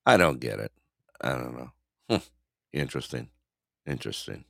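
A man's voice: very deep voice, expressive, moderate pace, creaky, no echo, clean studio sound. A man co-hosting a live news show, laid-back and chuckling, greeting viewers in the chat. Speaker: co-host.

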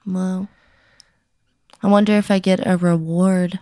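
A woman's voice: lowish voice, level tone, measured pace, warm tone, no room sound, studio quality. A woman guest in a casual chat, playing along and asking curious, playful questions.

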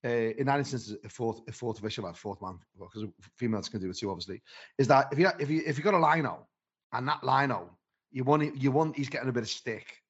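A man's voice: mid-range voice, fast, fairly bright tone, slightly rough, dull audio. A man who referees football, chatting on a podcast in a rambling, blunt and matey way with many restarts. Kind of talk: casual podcast chat.

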